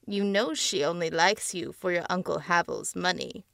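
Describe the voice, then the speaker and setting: A woman voicing a cursed talking face that taunts and demands food in a slow, menacing way. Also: fairly low pitch, gravelly, fairly bright tone, no room sound, clean studio sound. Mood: mocking.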